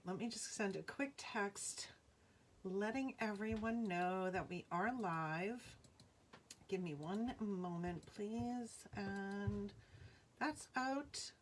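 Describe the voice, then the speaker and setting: Slow-talking Rhode Island woman hosting a sale. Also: mid-range voice, slight background noise. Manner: chatty, greets viewers by name, laughs often. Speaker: live jewelry sale host. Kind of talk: casual live-stream selling chat. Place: at home.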